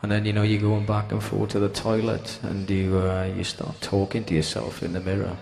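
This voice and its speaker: A man's voice: on the low side, moderate pace, creaky, hardly any pauses, soft background music, some chatter behind. Welsh man telling a crude story on stage. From Wales. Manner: crude, swearing, bawdy anecdote with put-on quoted voices. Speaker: band frontman. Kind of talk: comic storytelling to a concert crowd.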